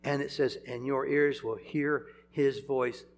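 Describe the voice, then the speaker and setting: A man's voice: medium pitch, fairly even intonation, measured pace, a little hiss or hum. An older man preaching a sermon, conversational, with chuckles and sudden emphatic swells.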